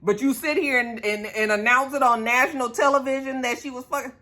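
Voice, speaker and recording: A woman recapping a reality show episode in a casual, chatty way, sassy and profane, with quick asides to her viewers. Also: high voice, steady tone, bright, forceful tone.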